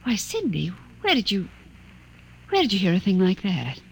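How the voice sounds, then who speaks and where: A middle-aged mother in a vintage radio drama, soothing yet fretful. Her pitch rises and falls expressively. Faint hiss from the old recording sits behind her. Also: wildly swooping pitch, moderate pace. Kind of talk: 1940s radio acting.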